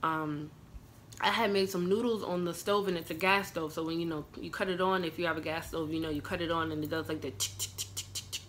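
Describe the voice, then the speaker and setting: A young American woman chats through a personal storytime, piling up fillers and acted-out quotes as she goes. Her voice sits a little low for a woman. A faint hiss of room noise hangs under it. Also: a bit bright. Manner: chatty, filler-heavy retelling with quoted dialogue. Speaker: vlogger. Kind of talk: casual storytime.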